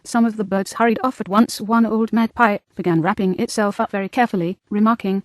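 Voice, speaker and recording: Brief: female audiobook narrator, measured and clear, dry booth. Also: medium pitch, steady tone, no echo. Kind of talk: scripted narration.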